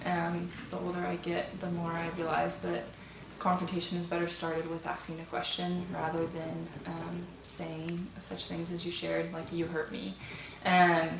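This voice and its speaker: A woman on a thesis panel asks rambling, thoughtful questions full of ums. Her voice is lowish and gravelly. She sounds distant from the mic, in an echoey room with steady background noise. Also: moderate pace, few pauses. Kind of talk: asking questions at a thesis defense. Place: school room with an audience. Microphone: passed microphone.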